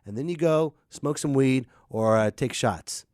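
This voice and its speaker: A man hosting a comedic rant, swinging between loud outbursts and muttered asides. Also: mid-range voice, unhurried, no echo, studio quality. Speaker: podcast host.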